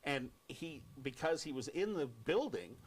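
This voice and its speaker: A man with an American accent, a radio host telling an animated story on air and acting out quoted lines. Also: medium pitch, unhurried, breathy edge.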